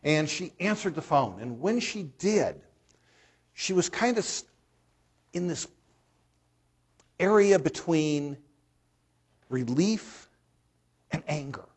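A pastor with a husky, slightly breathy voice preaches a sermon, telling a story in plain, conversational terms and repeatedly posing questions to the congregation. His pitch is fairly high, and he's very animated but slow, leaving long pauses.

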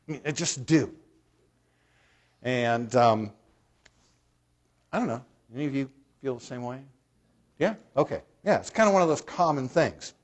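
A man with a husky, slightly breathy voice preaching to his congregation. He tells a story in plain, conversational terms and keeps putting questions to the listeners. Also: medium pitch, a little slow, pauses often. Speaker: pastor. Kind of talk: sermon.

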